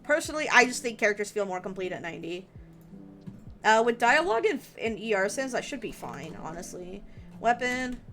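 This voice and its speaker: A woman's voice: mid-range voice, big pitch swings, a little fast, fairly bright tone. A young woman streamer giving casual game advice, thinking aloud with lots of fillers. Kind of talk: casual game guide commentary on a live stream. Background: background music and keyboard typing.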